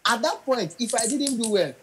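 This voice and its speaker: A young adult man, a comedian, tells stories as an interview guest in a very high voice at a moderate pace. The low-quality recording picks up a noisy crowd as he animatedly acts out voices and sings lines.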